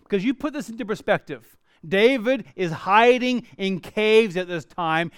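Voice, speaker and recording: A man preaching a sermon earnestly, moving between lively emphasis and quiet, reflective passages. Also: high-pitched, moderate pace, smooth, dry recording, studio quality.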